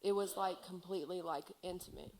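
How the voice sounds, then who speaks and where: A woman's voice: on the low side, fairly even intonation, brisk, a little mellow. Earnest woman giving a church testimony. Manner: earnest, heartfelt, filler-heavy with many "like"s. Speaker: person sharing a testimony.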